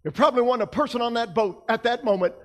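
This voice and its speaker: High-pitched guy preaching, goes quiet then loud, big church echo. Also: fast talker. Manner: emphatic, swings between soft and loud. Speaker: pastor. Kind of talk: sermon. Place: church sanctuary.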